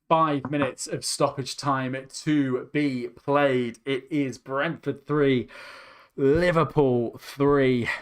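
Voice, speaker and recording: A young man hosting a live football watchalong, commentating with rising excitement as his voice starts to go hoarse. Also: mid-range voice. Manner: excitable, voice climbs sharply with the action. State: voice going hoarse. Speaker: host.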